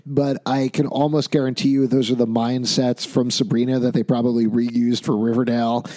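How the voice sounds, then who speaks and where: A man's voice: medium pitch, flat delivery, moderate pace, warm tone. A man co-hosting a podcast, recapping a TV episode in casual chat with wry, analytical asides. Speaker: podcast co-host.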